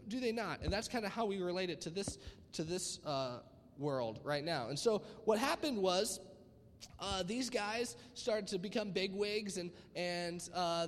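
A man preaching a casual youth sermon in a rambling, energetic way with lots of asides. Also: sits high, long reverb tail.

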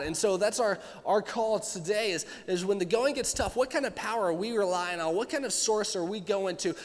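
A man's voice: high voice, fairly quick, few pauses, long reverb tail. A man preaching a sermon in an earnest, conversational way, acting out quotes and questions. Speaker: pastor.

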